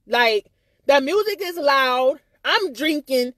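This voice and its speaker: Woman, live-stream rant, rambling and repetitive, swearing, high voice, dry sound. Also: animated, slow pace, fairly bright tone, no echo. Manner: agitated, rambling, repeats herself; swears freely, stammers on restarts. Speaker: livestreamer.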